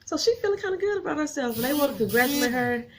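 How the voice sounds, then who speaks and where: A woman recapping a TV episode in an animated, chatty way, talking straight to her viewers and getting emotional as she goes. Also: high-pitched, very fast, slight background noise. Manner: animated, gets emotional and laughs often; folksy, talks straight to viewers.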